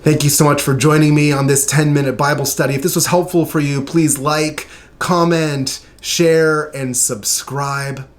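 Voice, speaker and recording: A man teaching a short Bible study, reading scripture aloud in an earnest, measured way with emphatic pauses. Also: a little high, steady tone.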